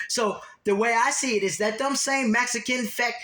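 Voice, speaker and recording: A man's voice: extremely high pitch, moderate pace, hardly any pauses, bright, forceful tone. A man giving a heated scripture commentary monologue, fiery and emphatic, hammering points home with long repeated lists.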